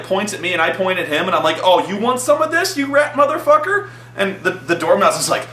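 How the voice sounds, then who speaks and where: A man recounts an old tabletop game in an animated, profane way, jumping up in pitch whenever he acts out a line. His voice is bright and forceful. He sits in an echoey room with a faint hum behind him. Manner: profane, excitable, acts out quotes in a raised voice. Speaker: host telling a tabletop game story. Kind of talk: animated storytelling.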